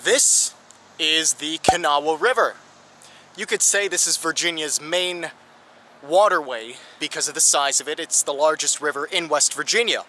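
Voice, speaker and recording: Male travel vlogger, keen tour-guide delivery, higher pitch, crisp, a faint hum behind. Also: normal speed, bright, forceful tone. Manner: enthusiastic, guide-like explaining. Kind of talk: travel vlog narration.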